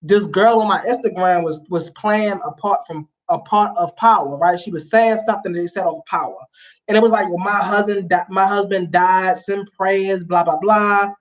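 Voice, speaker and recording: A woman at ordinary pitch chatting as a guest, an animated storyteller who leans hard on her points. Her talk is loose, emphatic and full of slang. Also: moderate pace. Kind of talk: casual chat.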